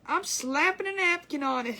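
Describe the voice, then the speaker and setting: A woman's voice: high-pitched, expressive, moderate pace, pushed and bright. A woman hosting a casual craft livestream, chatty and giggly, rambling with restarts as she works.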